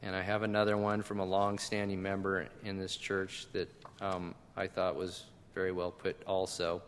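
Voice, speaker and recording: A man, the son of the deceased, reading tributes aloud at a memorial service in a church, earnest and halting with ums. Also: deep voice, monotone, a little hiss or hum. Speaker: son giving a eulogy. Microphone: handheld microphone. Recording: long church reverb.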